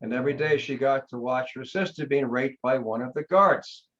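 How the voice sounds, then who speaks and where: On a podcast, a hypnotherapist guest with a medium-pitched, somewhat bright voice tells a story at a moderate pace. His delivery comes in blunt, emphatic, punchy short phrases over slightly dull lo-fi sound.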